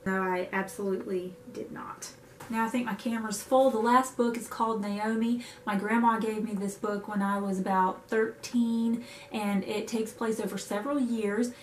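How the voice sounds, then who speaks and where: A woman's voice: medium pitch, steady tone, normal speed. A young woman vlogger chatting casually to camera about books she loves, with self-mocking asides. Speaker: book vlogger. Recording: echoey room with faint hiss.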